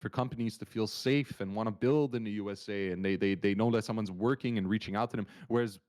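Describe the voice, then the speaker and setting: Low-voiced man, animated streamer talk. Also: fast. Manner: animated, rambling, many restarts. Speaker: market analyst stream co-host. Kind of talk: casual livestream chat.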